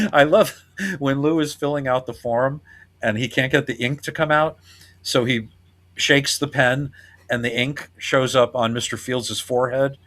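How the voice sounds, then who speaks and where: A man's voice: mid-range voice, a bit bright. A man hosting a podcast, chatting casually and laughing often as he retells scenes. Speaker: podcast host. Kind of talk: casual chat.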